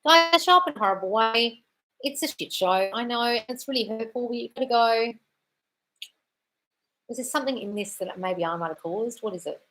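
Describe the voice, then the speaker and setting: In a live Q&A, a woman who works as a manifestation coach reads viewers' questions from the chat and gives blunt answers full of swearing and "darling." She sounds a little high, pushed and bright, with lively intonation at a moderate pace.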